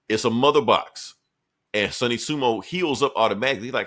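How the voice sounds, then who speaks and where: A man's voice: medium pitch, fairly quick, fairly bright tone. A man hosting a podcast, recapping a comic in a laid-back, profane way and laughing often. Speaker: podcast host. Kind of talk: casual comic book recap.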